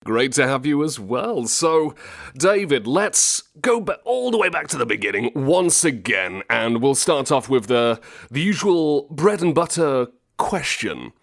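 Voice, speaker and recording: A man's voice: medium pitch, very animated, measured pace, gravelly, no echo, clean studio sound. A man hosting an interview, upbeat and friendly with scripted introductions. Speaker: interview host.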